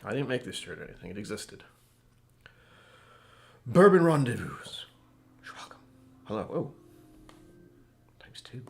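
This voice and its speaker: Gravelly and lowish, this man's voice is expressive as he hosts a relaxed whiskey tasting stream from his home. He speaks at a normal pace but pauses often, rambling, cracking jokes and cutting himself off while talking with viewers.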